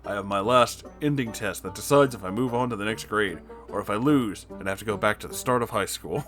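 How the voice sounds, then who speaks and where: A man voicing a plain-spoken teenage echidna boy in a flat, matter-of-fact voice close to his own. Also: lowish voice, a little fast, soft background music, close to an everyday voice. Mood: glum.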